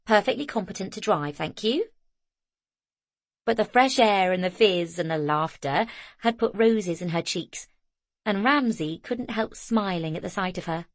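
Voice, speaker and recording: A woman narrating a novel as an audiobook in a measured, even reading style. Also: lowish voice, no room sound.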